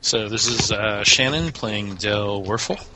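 Low-voiced man over a steady hiss. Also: a little slow. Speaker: player. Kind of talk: casual chat at a tabletop game. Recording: clear background hiss.

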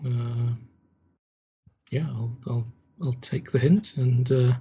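A man's voice: mid-range voice, steady tone, slow pace, warm tone, slight background noise. A man playing in a tabletop game, talking eagerly as a player. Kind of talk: tabletop role-play. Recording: muffled lo-fi audio.

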